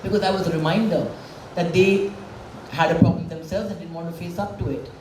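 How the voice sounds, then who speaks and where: A woman's voice: on the low side, fairly even intonation, fairly quick, a little mellow, slight background noise. Woman in her forties, candid and emotional public speech, heard from a distance in a roomy hall. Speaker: speaker at a public event. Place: event hall with a stage. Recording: echoey hall, voice from far off.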